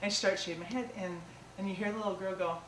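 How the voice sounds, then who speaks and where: A woman's voice: medium pitch, steady tone, quick pace, fairly bright tone, recorded from a distance. A woman performing comic stand-up storytelling on stage, chatty and self-mocking, with many casual fillers. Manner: chatty, self-mocking, lots of "like" and "you know". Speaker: comedic storyteller. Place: small theater stage before a live audience. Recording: echoey theater taped from afar with audience noise.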